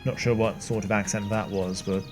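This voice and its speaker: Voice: deep voice, steady tone, moderate pace, music in the background. A young adult host giving rambling, casual commentary while playing a game. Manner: rambling, self-deprecating, laughs often. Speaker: let's play host.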